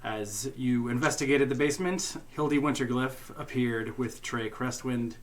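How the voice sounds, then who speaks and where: A man narrating and hosting a tabletop game as game master, relaxed and jokey, often laughing. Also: mid-range voice, normal speed, slight background noise.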